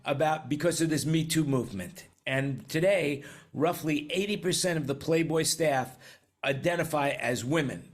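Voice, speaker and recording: An older man from New York hosting a casual panel chat on current events over a video call, rambling and chatty with many restarts. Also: fairly high pitch. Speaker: host.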